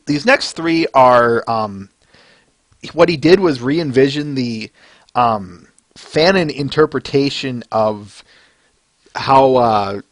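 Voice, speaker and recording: Rambling male podcast host, lively pitch. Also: no room sound. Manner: rambling, filler-heavy, chuckling. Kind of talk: casual podcast fan-art review.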